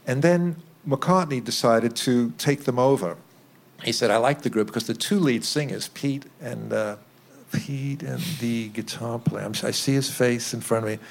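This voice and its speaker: A man's voice: medium pitch, normal speed, vocal fry. Older man, record producer, interview stories, chuckles, acts out quotes, medium voice. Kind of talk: interview storytelling.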